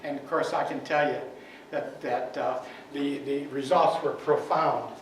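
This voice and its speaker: A male minister telling a story in his talk, animated and full of fillers, at a spiritual center. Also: medium pitch, a little slow. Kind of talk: sermon storytelling. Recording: echoey hall, far from the mic, faint noise.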